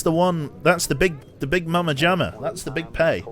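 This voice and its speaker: A man casually commentating his game on a live stream, thinking out loud and talking to his chat. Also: a little high, very animated, moderate pace. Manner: chatty, thinks aloud, talks to chat.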